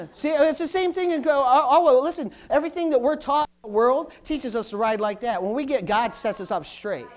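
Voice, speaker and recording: A middle-aged man, preaching a sermon with call-and-response, repeated hallelujahs, and swings from loud exclamations to soft asides. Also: extremely high pitch, normal speed.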